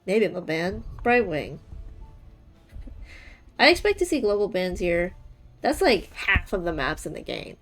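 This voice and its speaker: A woman's voice: lowish voice, big pitch swings, a little slow, creaky, pauses often, fairly bright tone, soft background music. A woman casting a live video game match, chatty and playful, laughing often. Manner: bubbly, giggly, chatty. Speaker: esports caster.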